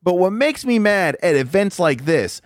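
Irritated guy with a high voice cussing nonstop on a podcast, dry close mic. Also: big pitch swings, moderate pace, dry recording. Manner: irritated, swears constantly. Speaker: podcast co-host. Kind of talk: casual profane rant.

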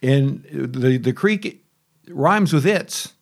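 Very slow yet lively in intonation, this homeowner's gravelly mid-range voice narrates a casual, rambling to-camera story about trying out a new mower. He's conversational and chatty, cutting himself off with asides and grumbles.

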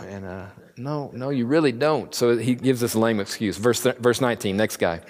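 A man's voice: medium pitch, normal speed. A man giving a casual Bible teaching, talking conversationally and acting out quotes in slangy voices, recorded in a church hall. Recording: long reverb of a large room.

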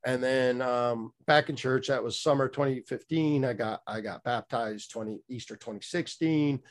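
A man's voice: mid-range voice, moderate pace. A middle-aged man telling a candid personal story as a guest, rambling with many fillers and restarts, blunt and a little profane.

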